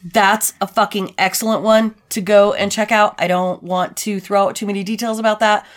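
A woman co-hosting a podcast at a middle pitch. She chats loosely and crudely, dropping swear words. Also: level tone, normal speed. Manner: crude, swearing, laughing banter. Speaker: podcast co-host. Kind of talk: casual podcast chat.

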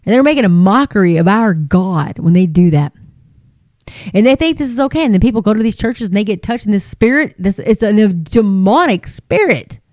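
An impassioned woman delivers religious commentary straight to her viewers, urgent and emphatic. Her pitch sits in the middle range, and the recording is dry and close with no room sound. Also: lively intonation, moderate pace, darkish tone, no room sound. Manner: emphatic, mocking put-on voices, urgent pleading. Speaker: Christian video host.

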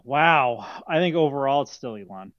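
A man's voice: medium pitch, animated, moderate pace, dry recording, muffled recording. A man co-hosting a casual podcast, laid-back and hesitant, with plenty of fillers. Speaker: podcast co-host.

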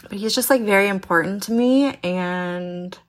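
A woman's voice: medium pitch, moderate pace. A woman in her twenties hosting her own podcast in casual chat, candid and swearing freely, with lots of "like" fillers. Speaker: podcast host.

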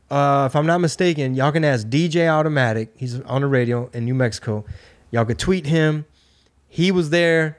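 A middle-aged man hosting a casual podcast chat, swearing freely and acting out the people in his stories with lively jumps in pitch. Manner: laid-back, swearing storyteller. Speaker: podcast host.

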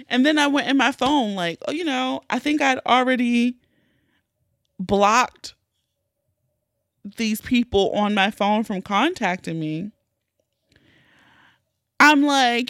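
Woman podcast host, somewhat high voice, dry close sound, candid and profane, animated storytelling. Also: unhurried, no echo. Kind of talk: casual storytelling.

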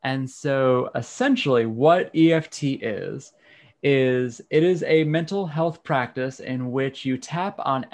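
A man who is a guest on a podcast, explaining his practice in a calm, measured way. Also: medium pitch. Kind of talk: explanatory interview talk.

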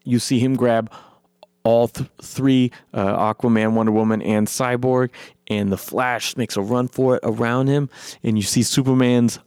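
A man excitedly recapping a film in a rambling, profane way, his voice worn from long talking. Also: mid-range voice, normal speed, clear, resonant tone, no echo, clean studio sound. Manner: enthusiastic, profane, rambling with many fillers. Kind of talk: excited movie recap monologue.

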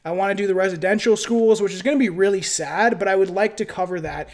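A man's voice: high-pitched, quick pace. A Canadian man hosting a casual podcast at a friend's home, swearing freely and laughing as he reads his notes. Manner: casual and profane, laughs while reading notes. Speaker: podcast host. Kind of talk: casual podcast chat with scripted reading. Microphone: different home mic setup.

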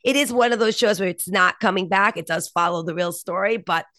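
A woman's voice: medium pitch, a little fast, fairly bright tone, no room sound, studio quality. A woman co-hosting a podcast, chatting casually and enthusiastically about TV shows and laughing often. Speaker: podcast co-host.

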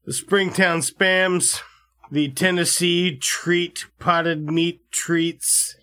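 Dude doing a crude fired football coach, chicago accent, swears a lot, bright edgy voice. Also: male voice, on the high side, steady tone, extremely slow, slight background noise, full character voice. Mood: gruff. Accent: put-on Chicago. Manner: gruff, swearing, rambling. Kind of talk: improvised comedy bit.

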